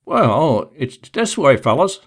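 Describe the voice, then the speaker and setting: A man's voice: fairly high pitch, big pitch swings, takes it slowly, voice pushed up, exaggerated voice. A man voicing a haggard, fawning opium-den keeper who talks hesitantly and wheedles. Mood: wheedling.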